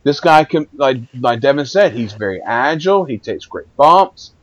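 A man's voice: medium pitch, animated, moderate pace, dry recording, dull audio. A man hosting a casual chat, hesitant and repeating words as he asks his guests questions.

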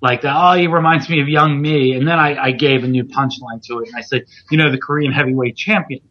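Husky-voiced wrestler man rambling. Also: medium pitch, fairly even intonation, fairly quick, lo-fi sound. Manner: rambling, self-deprecating, frequent restarts. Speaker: podcast host, pro wrestler. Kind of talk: casual chat.

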